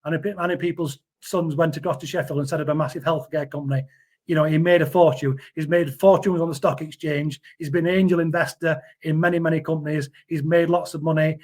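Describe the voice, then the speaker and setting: Man, husky voice, fairly high pitch, earnest, interview guest. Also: darkish tone. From Yorkshire, England. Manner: earnest, defensive, repeats words. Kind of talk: casual interview chat.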